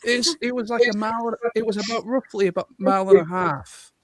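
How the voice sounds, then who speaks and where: High-voiced English man, earnest. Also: a little fast, no echo. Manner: earnest, rambling, many fillers. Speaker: livestream co-host. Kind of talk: casual chat.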